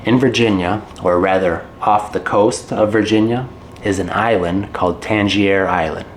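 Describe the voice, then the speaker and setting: A man's voice: fairly low pitch, fairly even intonation, normal speed, slight background noise. A man from the American Midwest with a General American accent, giving a chatty English lesson for learners and often checking in with "okay" and "guys". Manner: chatty, repeats "okay" and "guys", drops in Spanish glosses. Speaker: English teacher. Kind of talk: casual video lesson for learners.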